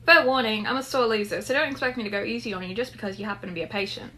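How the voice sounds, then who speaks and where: A woman's voice: mid-range voice, very fast, pushed and bright, natural voice. A woman voicing a blunt, sarcastic young woman who is independent and stubborn. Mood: frank. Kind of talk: dramatic story reading.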